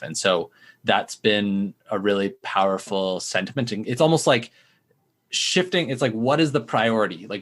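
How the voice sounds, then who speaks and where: A young startup founder in addiction recovery gives candid interview answers, rambling and leaning heavily on "like" fillers. His voice is low with a fairly bright tone.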